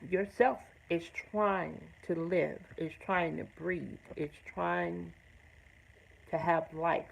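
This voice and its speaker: A woman's voice: on the low side, fairly even intonation, slow pace, creaky, slight background noise, low-quality recording. A woman hosting her own show, telling a personal story in an earnest, emphatic way with blunt, salty language. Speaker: host. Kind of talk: personal testimony to camera.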